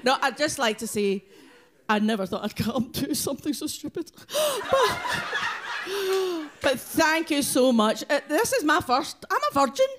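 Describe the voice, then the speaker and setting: A woman voicing a rough-talking older mother with a Glaswegian accent, ranting in a brash, mock-tough comic manner. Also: high voice, animated, normal speed, fairly bright tone. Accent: Scottish, Glaswegian.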